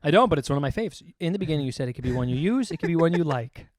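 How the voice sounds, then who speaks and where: A man's voice: fairly high pitch, lively intonation, racing, a little mellow, no echo, studio quality. A man in his late twenties co-hosting a comedy podcast, joking and laughing often. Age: 20s. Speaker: podcast co-host. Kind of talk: casual comedic chat.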